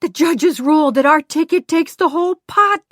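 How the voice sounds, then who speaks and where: A woman doing an excitable, exasperated lady. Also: on the high side, unhurried, dry recording, studio quality, voice pushed up. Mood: jubilant.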